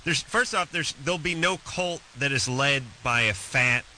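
A man's voice: medium pitch, moderate pace, bright, forceful tone, a little hiss or hum, poor audio. A man hosting a talk radio show, telling stories in a crude, joking way. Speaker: radio host. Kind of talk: casual talk radio chat.

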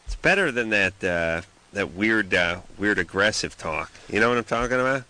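Sarcastic radio host guy, bright tone, pitch all over the place, jokey rants. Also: lively intonation, moderate pace, rough recording. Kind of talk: late-night call-in radio banter.

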